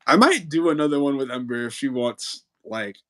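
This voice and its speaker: A young man hosting a casual livestream chat, animated and joking, with quick protests. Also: mid-range voice. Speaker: livestream host and voice actor.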